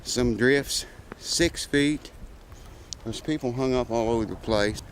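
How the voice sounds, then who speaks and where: A man's voice: medium pitch, takes it slowly, slight background noise, rough recording. A man making a guitar repair video, chatting casually in a rambling, folksy way with plenty of "uh" fillers. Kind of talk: casual vlog chat.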